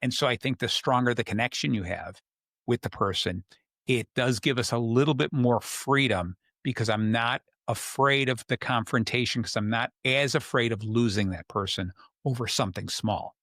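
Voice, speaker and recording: A man with a medium-pitched, fairly bright voice hosts a podcast at a moderate pace, offering relationship advice in a casual, conversational way. He slips into the voices of the people he's quoting. The sound is studio quality and echo-free.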